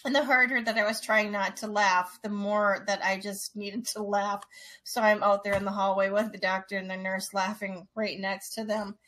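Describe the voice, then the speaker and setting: Woman host telling a funny story, keeps laughing, average pitch. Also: moderate pace. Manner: animated, laughs often while telling. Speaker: podcast host. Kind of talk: casual storytelling.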